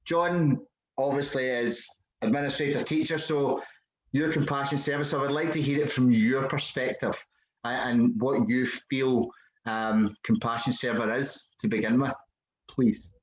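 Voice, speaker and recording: A man's voice: medium pitch, fairly even intonation, measured pace. A Scottish man hosting a casual video chat, talking in a chatty, rambling way. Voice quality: chatty, warm-hearted, rambling with fillers. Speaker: host. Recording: roomy echo.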